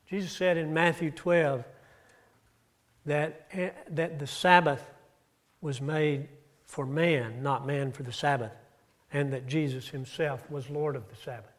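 A man's voice: steady tone, measured pace. Man preaching a storytelling sermon. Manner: storytelling, rises and drops in pitch and loudness. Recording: audio-only church recording.

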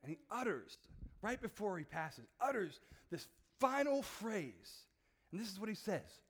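A man's voice: extremely high pitch, sing-song, moderate pace. A man preaching a sermon, telling stories and acting out the voices in them in a conversational way. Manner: acts out voices in illustrations, conversational. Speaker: pastor.

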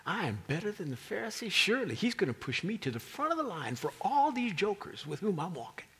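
Preacher doing Peter, boastful man, pleading, high and lively voice. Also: brisk, slightly rough, long reverb tail, full character voice.

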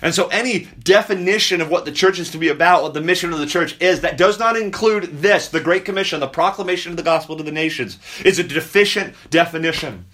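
A man, a pastor, preaching a sermon to his congregation, repeating key phrases slowly for emphasis and stopping to speak directly to the children. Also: on the high side, bright, forceful tone.

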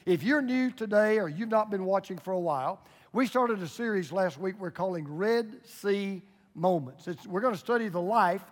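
High-voiced older male pastor preaching. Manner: folksy storytelling, joking with the congregation. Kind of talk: sermon. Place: church sanctuary. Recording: church hall reverb.

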